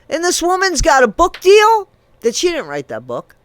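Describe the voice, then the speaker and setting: Emphatic high-voiced man ranting. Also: wildly swooping pitch, moderate pace, dry recording. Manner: indignant, emphatic, swings from loud to low. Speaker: true crime commentator. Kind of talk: ranting commentary to camera.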